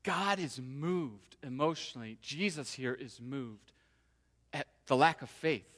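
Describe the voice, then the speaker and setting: A man preaching a sermon to his congregation in a relaxed, conversational way, sometimes voicing the people in the story. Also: medium pitch, measured pace. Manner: conversational, acts out quoted voices. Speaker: pastor. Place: church sanctuary. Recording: long hall reverb.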